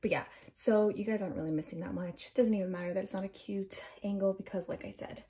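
A young woman in her twenties talks casually and rambles, dropping fillers as she goes. Her voice is mellow and soft rather than bright. She sounds a little out of breath. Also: mid-range voice, steady tone, fast talker. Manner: chatty, rambling, many fillers. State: slightly out of breath. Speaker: book vlogger. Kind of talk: casual bookshelf tour.

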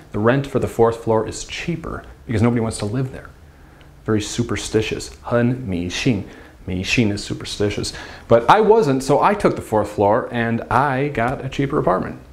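A man teaching Mandarin pronunciation in a video lesson, patiently repeating syllables with exaggerated tones and adding playful asides. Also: mid-range voice.

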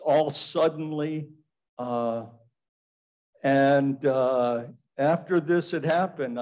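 Slow-speaking male pastor preaching. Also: medium pitch, darkish tone, low-quality recording. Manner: reflective, personal storytelling. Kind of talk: sermon.

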